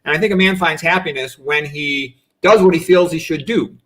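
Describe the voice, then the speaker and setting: A man's voice: on the high side, moderate pace, fairly bright tone. A man in his fifties, a doctor guest on a video-call talk show, speaking in a reflective, rambling way with many asides. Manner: reflective, rambling, frequent "you know" and "okay". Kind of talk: casual interview answers.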